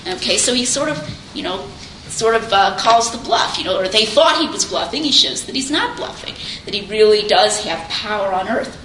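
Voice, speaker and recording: A woman's voice: mid-range voice, normal speed. A woman giving an informal lecture on Christian apologetics, speaking conversationally and animatedly and acting out quoted speakers. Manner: conversational, animated, quotes others in little voices. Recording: echoey room, faint background noise.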